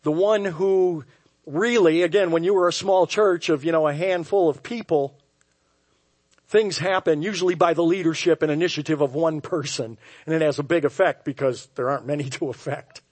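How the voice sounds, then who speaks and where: A man preaching a sermon as pastor, telling a story with wry, self-mocking humor and swinging from hushed tones to loud outbursts. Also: fairly high pitch, normal speed. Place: church sanctuary.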